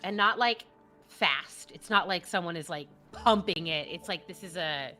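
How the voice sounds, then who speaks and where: Casting: bright, lower-pitched woman, game master, casual descriptive narration. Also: moderate pace, soft background music. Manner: casual, descriptive, frequent fillers.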